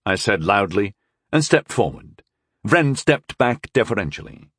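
A man narrating an audiobook in the first person with a wry, expressive storytelling manner. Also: on the low side, unhurried, slightly rough, no echo, studio quality.

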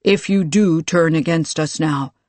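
A man's voice: on the high side, measured pace, darkish tone, dry recording, lightly acted. A narrator voicing a guarded male fighter who speaks in a level, matter-of-fact way in an audiobook. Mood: flat, formal.

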